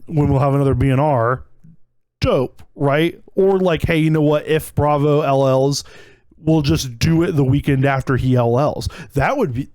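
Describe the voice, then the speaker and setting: A man's voice: fairly high pitch, normal speed, darkish tone, no echo. A man co-hosting a casual podcast chat, rambling with lots of fillers and laughing often. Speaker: podcast co-host.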